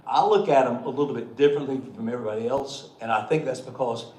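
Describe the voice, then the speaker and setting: A man's voice: mid-range voice, fast talker, darkish tone. Man, folksy and joking, echoey meeting room, faint hum. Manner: folksy, joking, chuckling often. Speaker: state treasurer. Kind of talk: storytelling speech at a meeting. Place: meeting hall.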